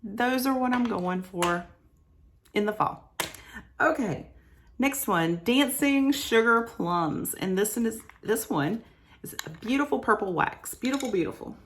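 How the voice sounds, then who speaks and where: Gushing woman reviewing scents. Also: medium pitch. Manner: enthusiastic, gushing, repeats words for emphasis; reads product descriptions aloud. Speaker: product reviewer. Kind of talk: casual product review.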